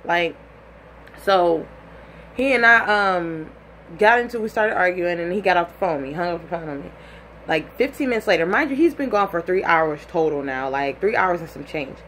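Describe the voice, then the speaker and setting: A young woman telling a personal story in a casual, animated way, full of "like" and acted-out quotes. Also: lowish voice, normal speed, slight background noise.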